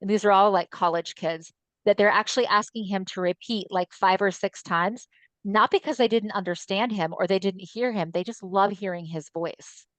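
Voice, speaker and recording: A woman hosts an online webinar, talking quickly and in a friendly way, with frequent filler words. Her voice sits at a middling pitch. The sound is dry. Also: no echo. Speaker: webinar host, voice-banking coordinator. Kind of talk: webinar discussion. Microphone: video call.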